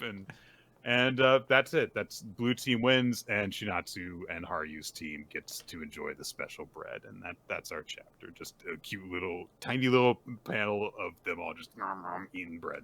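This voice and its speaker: Animated man retelling comics with bright tone. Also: low-pitched, normal speed, no room sound. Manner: animated retelling, acting out characters' lines. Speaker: podcast co-host recapping manga. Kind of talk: casual chat.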